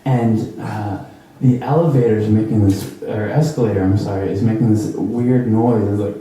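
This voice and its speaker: A young man telling a comedic true story at an improv show, rambling with lots of fillers and jumping into high squeaky voices for the people in it. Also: normal speed, mellow, slight background noise. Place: theater stage. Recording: roomy, distant live stage recording.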